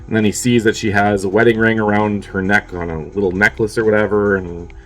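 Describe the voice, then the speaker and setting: A man's voice: on the low side, level tone, fairly quick, a bit bright, soft background music. A man casually recapping a movie plot for his review show, offhand and peppered with swearing and fillers.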